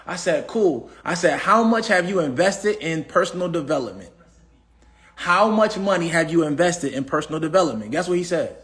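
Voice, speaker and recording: Brief: high-pitched man, AAVE, preachy livestream motivational speaker, repeats himself. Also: lively intonation, a little fast, fairly bright tone. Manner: preachy, repetitive, asks the audience questions. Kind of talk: casual motivational talk.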